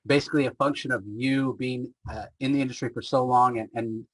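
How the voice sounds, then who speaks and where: A man's voice: mid-range voice, fairly even intonation, a little fast, a bit bright, rough recording. A man hosting a comics interview, asking long, rambling questions full of uhs. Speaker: podcast host.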